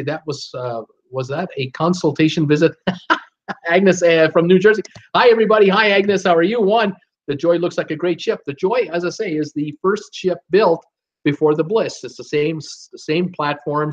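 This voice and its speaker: A man's voice: on the high side, normal speed, dull audio. Man reading live chat, fillers galore. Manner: reads viewer comments aloud with many fillers and restarts. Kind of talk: casual live-stream chat.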